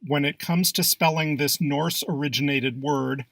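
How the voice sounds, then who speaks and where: Bright, gravelly man narrating a lesson. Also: fairly high pitch, fairly even intonation, measured pace, dry recording. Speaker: English pronunciation teacher. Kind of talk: scripted narration.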